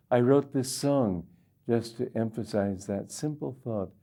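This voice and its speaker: An older man giving a reflective spiritual talk as a teacher, gently humorous. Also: medium pitch, a little slow. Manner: reflective, gently humorous, quotes others in little voices.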